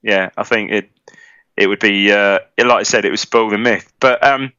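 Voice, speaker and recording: A man's voice: on the low side, normal speed, bright, forceful tone, smooth, no echo, lo-fi sound. A man co-hosting a casual football podcast, often jumping in with questions and prompts. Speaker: podcast co-host.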